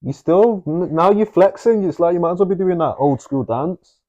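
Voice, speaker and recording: Teasing Manchester man, lively pitch. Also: normal speed. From South Manchester. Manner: teasing, skeptical banter. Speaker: podcast co-host. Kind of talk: casual chat. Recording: dull lo-fi recording.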